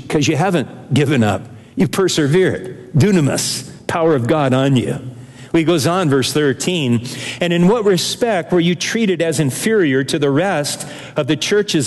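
An older man preaches with earnest conviction, his pace rising and easing as he works through the text. His voice sits a little high for a man, and his words ring out in a church with a long reverb trailing behind them. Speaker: pastor. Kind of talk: sermon.

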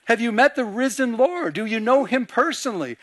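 Male pastor, high-pitched, lively sermon delivery, dry close recording. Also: a little fast, dry recording. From Michigan. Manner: animated, acts out dialogue in quieter voices.

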